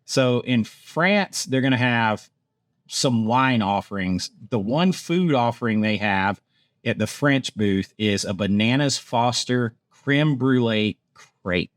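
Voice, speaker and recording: A man's voice: mid-range voice, takes it slowly, no room sound, studio quality. A man from Georgia, a theme park vlogger chatting casually through food menus and laughing at himself as he stumbles over foreign words. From Georgia, USA. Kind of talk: casual menu rundown.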